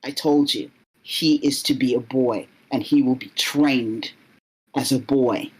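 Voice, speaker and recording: A woman voicing a harsh, commanding male king who barks curt orders in a slow, unhurried delivery. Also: very deep voice, fairly even intonation, husky, heavily acted, poor audio. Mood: stern. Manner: curt orders, yells for guards.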